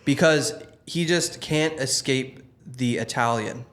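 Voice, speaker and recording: A man's voice: mid-range voice, slow pace, fairly bright tone. Male comedian, ordinary mid voice, earnest and sweary banter. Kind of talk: casual comedy podcast chat.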